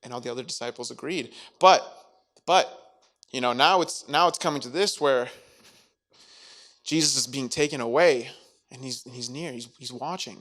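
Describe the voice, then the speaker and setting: A man's voice: mid-range voice, normal speed, long pauses, fairly bright tone. A man giving a youth sermon in a playful way, acting out scenes and joking between scripture readings. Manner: playful, acts out dialogue with jokes. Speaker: youth speaker.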